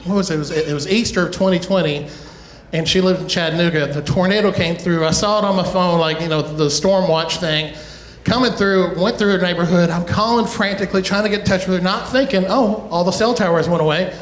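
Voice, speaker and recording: A middle-aged man doing a stand-up comedy set, telling a family story with quick asides and chuckles. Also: high-pitched. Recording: echoey live room.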